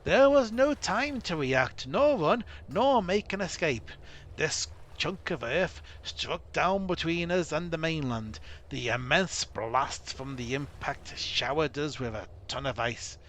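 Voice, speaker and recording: A man doing a gruff dwarf survivor. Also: fairly high pitch, lively intonation, slow pace, fairly bright tone, slight background noise, voice pushed up. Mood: dramatic. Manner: rough put-on dwarf accent, dramatic retelling. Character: gruff male dwarf survivor, weary storyteller.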